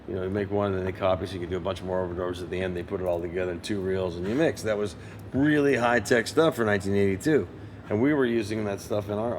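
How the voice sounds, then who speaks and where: A lower-pitched man in his sixties tells a studio story as an interview guest. He talks in a lively way and slips into other people's voices when he quotes them. A faint hum of the room sits behind him. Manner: lively raconteur who acts out others' lines. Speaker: interview guest, session guitarist. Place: museum interview set.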